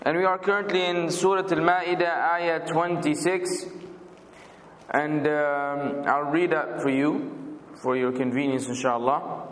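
Higher-voiced male teacher in echoey hall. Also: fairly even intonation, a little slow, a bit bright, a little hiss or hum. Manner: patient, explanatory, spells out words. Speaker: religious teacher. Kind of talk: weekly Quran commentary class.

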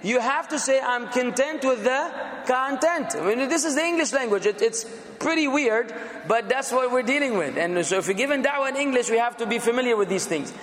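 A man gives a classroom lecture in a high voice, leaning hard on the words he contrasts and rising to sudden fervor. The room rings with echo and a long reverb tail. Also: expressive, fairly bright tone. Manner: emphatic, drawn-out word contrasts, bursts of fervor. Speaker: teacher. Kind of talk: classroom lecture on English for preaching.

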